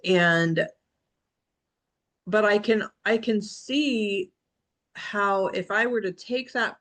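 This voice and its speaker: A woman's voice: medium pitch, takes it slowly, fairly bright tone. A woman in a casual group video call, talking reflectively and rambling, often restarting and quoting herself. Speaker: book club member.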